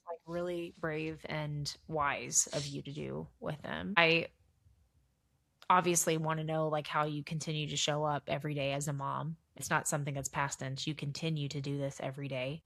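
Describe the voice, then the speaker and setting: A young adult woman hosting a podcast, asking gentle, supportive interview questions. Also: low-pitched, creaky, no room sound. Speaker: podcast host.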